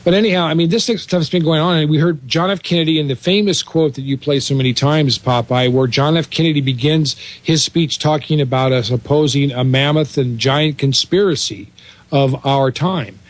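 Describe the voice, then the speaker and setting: A man's voice: a little high, moderate pace. A man co-hosting a talk radio show, speaking in a chatty, rambling way with lots of fillers. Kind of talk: casual talk radio chat.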